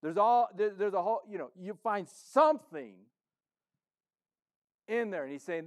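Male pastor, high voice, chatty and playful sermon delivery, jumps from loud punches to hushed low asides. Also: animated, normal speed, pauses often. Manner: conversational, playful, acts out the congregation's inner voice; wide swings from loud emphasis to soft low asides.

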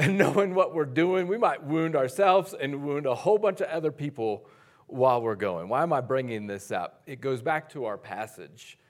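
A man preaching a sermon as pastor, conversational and energetic, swinging between loud bursts and quiet asides. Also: on the high side.

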